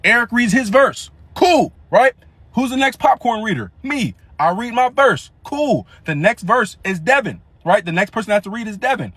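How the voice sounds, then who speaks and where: A young man telling a comedic story in an animated, slangy, rambling way, often restarting his sentences. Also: high voice, moderate pace, slightly rough, no echo.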